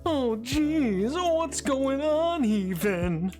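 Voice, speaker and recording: A man doing an exaggerated impression of a flamboyant male cartoon lion, with drawn-out, over-dramatized exclamations. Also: very high voice, very animated, a little mellow, faint music behind, exaggerated voice. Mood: dramatic.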